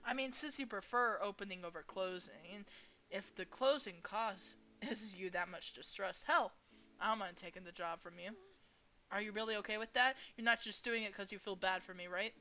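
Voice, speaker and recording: Bright-voiced woman reading a visual novel. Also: medium pitch, normal speed. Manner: expressive, reads each character's lines with shifting energy. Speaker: gaming channel host.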